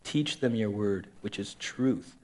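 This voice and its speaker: A man's voice: on the low side, slow pace, darkish tone. A man preaching a sermon as a pastor in a conversational way, repeating key phrases and acting out quoted voices.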